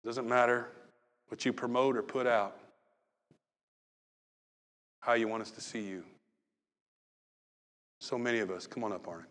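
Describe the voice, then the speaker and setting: A pastor preaching a sermon, moving from loud acted-out calls to soft, hushed talk. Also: male voice, mid-range voice, fairly even intonation, moderate pace, long pauses, big-room sound.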